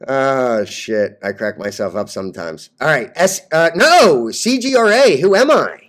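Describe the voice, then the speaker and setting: A brash young man hosting a casual stock-trading vlog, cocky and quick to laugh at his own jokes. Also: mid-range voice, very animated, a bit bright. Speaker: stock vlogger.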